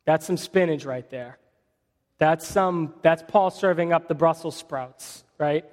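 A man's voice: fairly high pitch, unhurried, darkish tone. Conversational male pastor in a reverberant hall. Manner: conversational preaching with food metaphors, dramatic scripture reading. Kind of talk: sermon.

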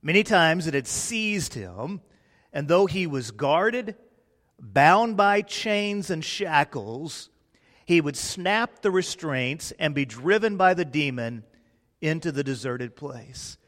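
Male pastor, dramatic sermon delivery, slow and measured, voice a bit higher than most men. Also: very animated. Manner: dramatic preaching, swinging from loud declarations to hushed near-whispers. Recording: long reverb in a large hall.

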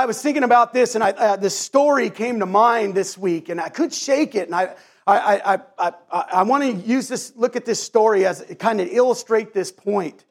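A man pastor preaching a sermon in an earnest, halting way, often restarting and repeating words. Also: high-pitched, gravelly.

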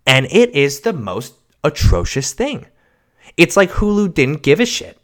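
A man hosting a solo casual podcast, rambling and swearing, swinging from mumbles to shouts, on a cheap home mic. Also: fairly high pitch, wildly swooping pitch, unhurried. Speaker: podcast host. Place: home recording setup. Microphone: cheap mic without pop filter.

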